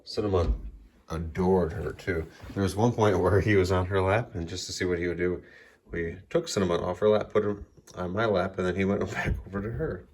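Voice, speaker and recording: A man's voice: sits low, fairly even intonation, fairly quick, a little mellow, a little hiss or hum. A man talking baby talk to his cat at home, cooing in a raised sing-song voice while he films it playing. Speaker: pet owner filming his cat. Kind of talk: casual baby talk to a pet. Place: home indoors.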